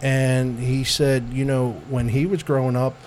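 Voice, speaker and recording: A man's voice: mid-range voice, little pitch movement, unhurried, a little mellow. Middle-aged guy from the states, guest chatting loose, lots of uhs and restarts, laughs a bunch, faint hiss behind. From United States. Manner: rambling, laughs often, many fillers and restarts. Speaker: guest, Italian-American club president. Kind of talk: casual interview chat.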